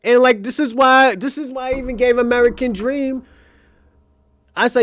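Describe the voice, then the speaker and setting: A man's voice: extremely high pitch, fairly even intonation, normal speed, pauses often, a bit bright, dry recording. A man hosting a casual livestream commentary, talking in an emphatic, profane, argumentative way that repeats itself. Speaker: host of a commentary channel.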